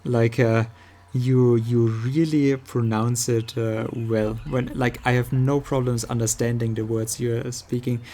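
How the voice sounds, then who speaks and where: A native German speaker with a German accent streams a game and chats casually with his audience, frequently pausing to find words. His mid-range voice is warm, with little pitch movement.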